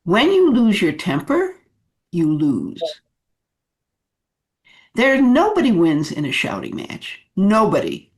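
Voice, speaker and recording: Woman, leadership coach, slow and animated delivery, some filler words. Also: medium pitch. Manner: unhurried, animated, many fillers. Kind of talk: coaching talk to camera.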